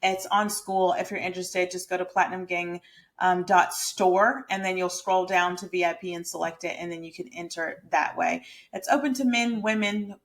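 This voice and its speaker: Talking to her viewers directly on camera, a lifestyle and mindset creator who also works as a hairstylist keeps things casual, chatty, emphatic, and motivational. Her voice is fairly low, with fairly even intonation and a moderate pace.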